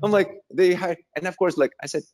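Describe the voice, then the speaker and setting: Speaking briskly in a high voice, a guest with a Russian accent shares lively stories during a casual interview. He laughs often and uses lots of fillers.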